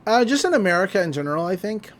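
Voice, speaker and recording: Podcast host: animated, laughing storyteller, lively pitch. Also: fast talker. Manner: animated storytelling, laughs often, slips into character voices. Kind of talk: casual episode recap.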